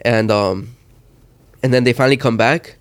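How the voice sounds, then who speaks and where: A man's voice: mid-range voice, normal speed, clean tone. A man telling a story in casual podcast chat, acting out quotes and swearing a lot. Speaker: podcast co-host.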